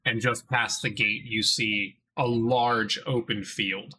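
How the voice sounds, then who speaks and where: Slow, bright-voiced male game master. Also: mid-range voice, fairly even intonation, poor audio. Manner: swears casually, slows down to narrate. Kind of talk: narrating a tabletop game. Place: home, with a child nearby.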